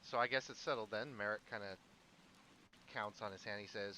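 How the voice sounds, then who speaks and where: A man narrating as game master of a tabletop game, relaxed and casual. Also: fairly low pitch, normal speed, pauses often, slight background noise, rough recording.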